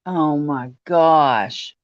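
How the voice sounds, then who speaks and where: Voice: mid-range voice, extremely slow, no echo. A co-host listening in a casual chat, reacting with short exclamations and gasps. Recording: dull, muffled audio.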